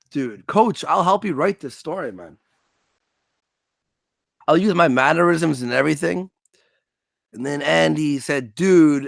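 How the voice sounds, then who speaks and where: Gravelly man, animated and profane. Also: a little high, dry recording. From Canada. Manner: animated, profane, acts out scenes in funny voices. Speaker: streamer. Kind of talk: casual stream commentary.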